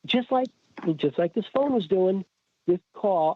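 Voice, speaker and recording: A man's voice: high voice, unhurried, dry recording. A man guest telling a story in casual chat, acting out quoted dialogue. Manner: animated, acts out quoted dialogue. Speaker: podcast guest. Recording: tinny phone-like remote call.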